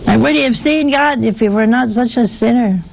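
A woman's voice: fairly high pitch, brisk, vocal fry, low-quality recording. A woman giving a sermon in a folksy, conversational way, often asking her listeners rhetorical questions. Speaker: preacher.

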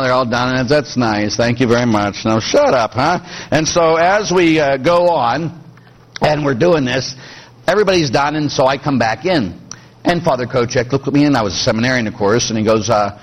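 Older priest for a homily, husky, lively pitch, chatty storyteller who breaks into little impressions. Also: male voice, low-quality recording. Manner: chatty, animated, frequent "huh?" asides, acts out voices. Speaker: Catholic priest.

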